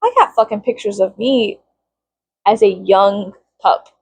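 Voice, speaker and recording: A woman in her thirties ranting casually to camera, profane and sarcastic, sometimes pitching up into high mocking tones. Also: a little slow, breathy edge, no room sound, low-quality recording. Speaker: vlogger. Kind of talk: casual venting rant to camera.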